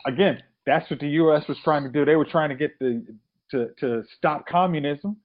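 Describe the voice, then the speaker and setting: A man on a casual podcast, giving opinions in an animated, ranting way. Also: a little high, moderate pace. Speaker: podcast co-host. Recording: tinny phone-like sound.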